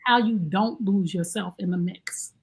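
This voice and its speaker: A woman hosting a podcast in casual chat, animated and slangy as she hypes up her guest. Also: mid-range voice, a little slow, a little hiss or hum. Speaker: podcast host.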